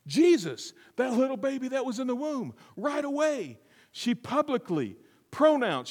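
High-voiced pastor preaching in reverberant sanctuary. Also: male voice. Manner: dramatic swings from hushed to loud, emphatic repetition. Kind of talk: sermon with scripture reading. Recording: long reverb of a large room.

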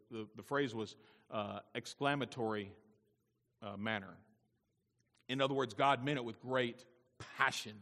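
A male pastor preaching a sermon, repeating his points and swinging between loud emphasis and quiet intensity. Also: mid-range voice. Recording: long reverb of a large hall.

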